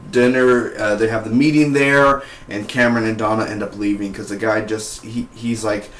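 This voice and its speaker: A man's voice: on the low side, roomy sound. A man giving a casual spoken review of a TV series, rambling and full of "like" and "you know".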